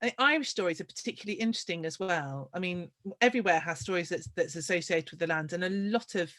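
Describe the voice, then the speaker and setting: A woman's voice: lowish voice, fast, fairly bright tone. A woman hosting an interview, thinking aloud in a thoughtful, hesitant way. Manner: thoughtful, hesitant, restarts phrases. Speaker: host. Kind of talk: conversational interview.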